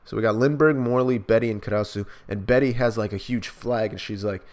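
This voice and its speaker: A man's voice: lowish voice, steady tone, brisk, darkish tone. A man doing a live manga reaction, hyped and slangy, reading the dialogue in raised voices.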